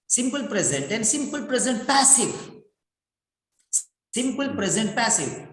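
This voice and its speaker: A man's voice: sits high, big pitch swings, measured pace, long pauses, fairly bright tone. A man teaching English writing for exams in an emphatic, repetitive lecture full of rhetorical questions. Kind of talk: classroom-style lecture. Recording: echoey room.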